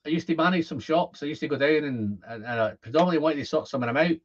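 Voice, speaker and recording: A Scottish man in his fifties hosting a casual whisky livestream, chatting to viewers and rambling as he thinks out loud. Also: on the high side, fast. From Scotland. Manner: chatty, rambling, repeats words when thinking. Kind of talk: casual livestream chat reading comments. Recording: dull lo-fi stream audio.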